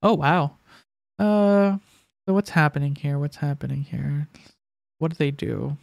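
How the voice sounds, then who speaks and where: A man co-hosting a casual podcast, reading news stories aloud haltingly, with frequent stumbles and filler sounds. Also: on the high side, gravelly, no room sound, studio quality. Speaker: podcast co-host.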